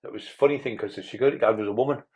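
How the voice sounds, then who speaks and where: Podcast guest, male, low voice, fast and blunt storyteller who swears freely. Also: a little mellow, low-quality recording. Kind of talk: casual interview storytelling.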